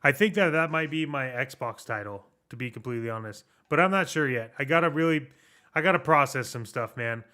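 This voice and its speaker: Bright, clear-voiced man rambling about games. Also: medium pitch, fairly quick. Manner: rambling, restarts sentences, swears casually. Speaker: podcast co-host. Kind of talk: casual chat about video games.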